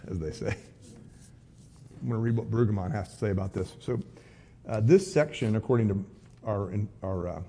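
Male pastor leading a live Bible study. Husky, warm-toned, and conversational, with wry asides between readings. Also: lowish voice. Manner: reads scripture aloud, then breaks off for wry, casual asides. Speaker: pastor teaching a Bible class.

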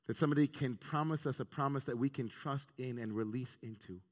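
Earnest rabbi preaching in a reverberant hall. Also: male voice, mid-range voice, brisk. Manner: reflective, earnest, weaves in Hebrew terms. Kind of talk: sermon on the weekly Torah portion. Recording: long reverb of a large hall.

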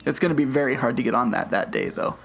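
A man's voice: mid-range voice, expressive, quick pace, gravelly, soft background music. A man co-hosting a podcast, chatty and agreeable in casual talk. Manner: agreeable, chatty, many short yeahs. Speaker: podcast co-host. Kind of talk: casual chat.

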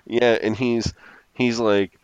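A man's voice: mid-range voice, level tone, takes it slowly, smooth, no room sound, poor audio. A man co-hosting a podcast, casually recapping a TV episode and laughing often as he retells scenes. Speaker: podcast co-host.

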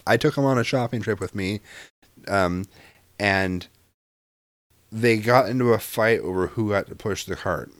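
A man's voice: on the low side, measured pace, long pauses, no room sound. A man and father chatting casually as a podcast co-host, rambling through stories with lots of restarts and swearing. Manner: rambling storyteller, swears freely, restarts a lot. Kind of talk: casual chat.

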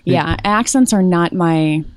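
A woman's voice: on the low side, slow. A woman guest on an interview podcast, chatting casually and animatedly and slipping into quoted voices as she tells stories.

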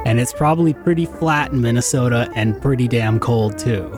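A man's voice: medium pitch, moderate pace, over music. A man hosting a podcast, asking friendly, joking questions in a casual interview. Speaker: podcast host.

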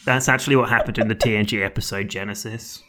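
A man's voice: on the low side, fairly even intonation, fast talker, sharp tone. A man hosting a podcast in casual chat, easygoing and chuckling as he questions his guests. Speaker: podcast host.

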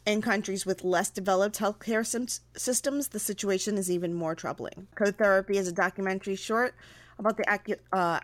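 A woman's voice: medium pitch, dry recording. A woman co-hosting a casual podcast, reading notes aloud with stumbles and fillers. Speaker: podcast co-host.

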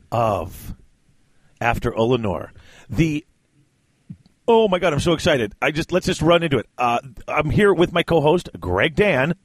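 An excitable man hosts a casual podcast, rambling through his stories with lots of laughter. His voice is medium in pitch. The sound is dry and close to the mic. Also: husky, dry recording. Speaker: podcast host.

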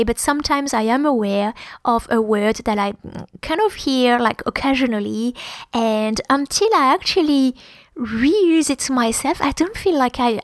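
Brief: French-accented woman, higher voice, halting conversational advice, dry close sound. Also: dry recording. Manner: hesitant, many ums and restarts.

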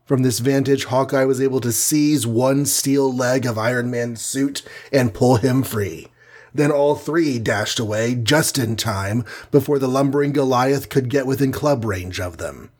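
A man's voice: mid-range voice, measured pace, darkish tone. A man narrating a dramatic adventure storybook with vivid delivery.

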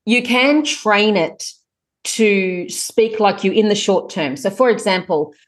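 Animated, chatty middle-aged woman guest. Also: slow. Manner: animated, chatty, jumps up in pitch when excited. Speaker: guest author. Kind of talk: casual podcast interview.

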